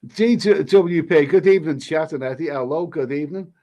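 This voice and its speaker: A man's voice: fairly high pitch, normal speed, dark tone. A man chatting casually on a live stream, reading out comments and rambling with frequent stumbles and repeated words. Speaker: livestreamer reading chat comments.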